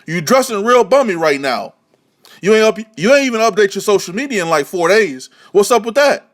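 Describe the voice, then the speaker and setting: A boxing vlogger with a high-pitched, fairly bright voice delivers a profane rant about the sport. Heated and scornful, he mocks freely, swears a lot and repeats himself.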